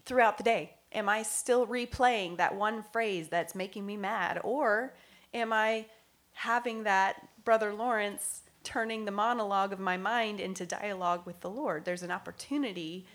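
A woman's voice: mid-range voice, normal speed, hardly any pauses, fairly bright tone. A woman talking earnestly about faith and prayer, thinking aloud, laughing often and sometimes dropping to a near whisper. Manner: thinks aloud with fillers and restarts. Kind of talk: reflective faith talk.

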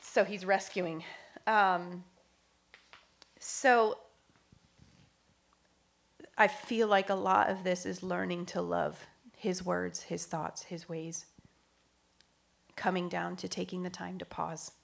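A woman's voice: fairly low pitch, level tone, slow pace, creaky, pauses often. A woman talking earnestly about faith and prayer, thinking aloud, laughing often and sometimes dropping to a near whisper. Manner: thinks aloud with fillers and restarts. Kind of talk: reflective faith talk.

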